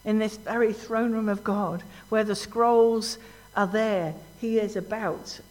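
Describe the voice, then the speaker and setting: Woman preaching a sermon, lively ups and downs, lots of questions to the crowd, big church reverb. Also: mid-range voice, slow pace. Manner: animated, rising and falling for emphasis, asks the congregation questions. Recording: long hall reverb.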